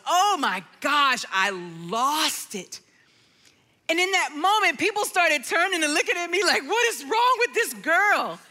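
A middle-aged woman sharing a personal testimony in a sermon, telling her story and dropping to a hushed, near-sung tone at times. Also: sits high. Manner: storytelling, drops to a hushed tone, sings lyric lines softly. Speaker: speaker at a church gathering.

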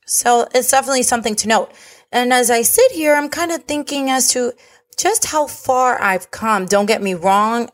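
A woman hosting a podcast, telling a personal story in a candid, profane, confessional way. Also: fairly high pitch. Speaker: podcast host.

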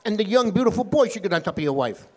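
A man's voice: high voice, very animated, rapid-fire, a little mellow, pitched above the performer's own voice. A man voicing a wry old rabbi in a joke, with a put-on Yiddish accent and a sing-song delivery. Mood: instructive. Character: old advice-giving rabbi, wry and matter-of-fact.

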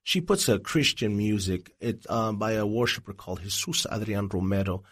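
A man, a Christian evangelist, telling his life story as an interview guest in an earnest, animated way. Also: lowish voice, normal speed. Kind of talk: personal testimony in an interview.

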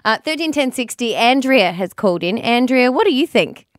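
A woman co-hosting breakfast radio, teasing and quick to argue back. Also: a little high, expressive, no room sound, clean studio sound. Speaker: radio co-host. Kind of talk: casual breakfast radio banter. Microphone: studio microphone.

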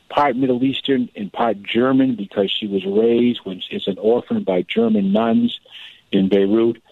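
A gravelly-voiced man tells a family story as a radio interview guest, his pitch rising and falling a lot. He talks in an animated way, often repeating his words. He comes through a tinny, dry phone line. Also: no room sound. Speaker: guest author.

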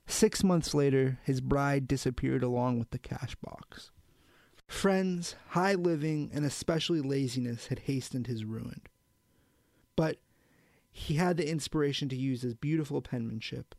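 A man reading a novel aloud in a measured, even storytelling manner. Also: mid-range voice, creaky, dry recording. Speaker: audiobook narrator. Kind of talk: scripted narration of a novel.

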